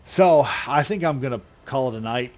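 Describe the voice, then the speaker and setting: A man's voice: mid-range voice, animated, moderate pace, a little mellow. A man chatting casually during a late-night game live stream, rambling loosely and chuckling often as he talks. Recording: slightly dull lo-fi audio.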